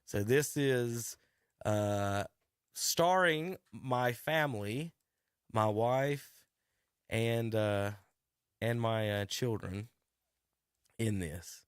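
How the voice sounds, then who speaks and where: Rambling radio host, dry studio. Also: male voice, fairly low pitch, very slow, long pauses, clear, resonant tone, no echo. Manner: rambling, animated storyteller who restarts sentences. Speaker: sports talk radio host and youth basketball coach. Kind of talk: casual radio chat narrating a video clip.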